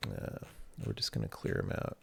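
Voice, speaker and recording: A man's voice: moderate pace, a little mellow. A man streaming himself programming, thinking aloud in a casual way and swearing freely as he works. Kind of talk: thinking aloud while coding.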